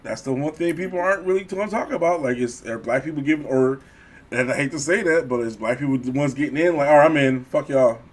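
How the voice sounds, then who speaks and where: A man's voice: fairly high pitch, fast. A middle-aged man co-hosting a podcast, talking casually and profanely, often acting out quoted voices. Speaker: podcast co-host. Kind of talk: casual chat.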